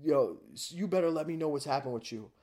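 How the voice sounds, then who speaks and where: A man voicing his angry middle-aged father, shouting and swearing. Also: a little high, expressive, fast, pitched above the performer's own voice, lightly acted. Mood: furious.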